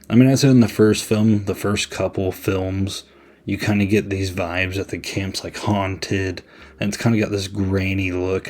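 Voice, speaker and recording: A man's voice: low voice, a little mellow. A man hosting a podcast, giving a casual, chatty movie review with many "I mean"s. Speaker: podcast host.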